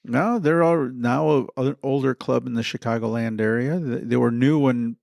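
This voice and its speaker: A man with a gravelly, fry-laden voice at a middle pitch talks in a reflective, unhurried way, circling back on his words as he works out his point. The sound is close and dry. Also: darkish tone, no echo. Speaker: podcast co-host and bike shop owner. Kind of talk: casual chat.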